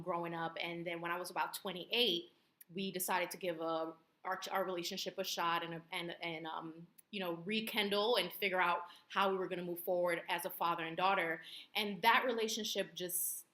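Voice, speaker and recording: Woman guest, earnest and reflective, lowish bright voice, echoey room. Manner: earnest and reflective, with many fillers. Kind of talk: casual interview.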